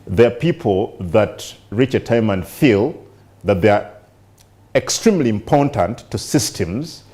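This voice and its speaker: A Ugandan man presenting a press review, reading newspaper passages aloud in a measured way and discussing them in English and Luganda. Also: lowish voice, lively intonation, warm tone.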